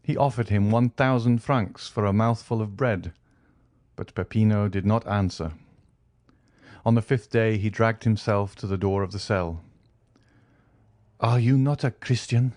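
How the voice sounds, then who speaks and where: A man narrating a classic novel as an audiobook in a steady storytelling manner. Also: on the low side, moderate pace, no echo, studio quality. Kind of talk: scripted narration.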